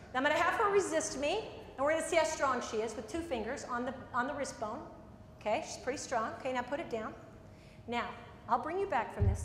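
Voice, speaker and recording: Brisk high-voiced woman coaching a workshop. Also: fairly bright tone, slight background noise. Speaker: workshop trainer. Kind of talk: live workshop lecture and demo. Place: meeting room before a group. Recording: echoey room, mic at a distance.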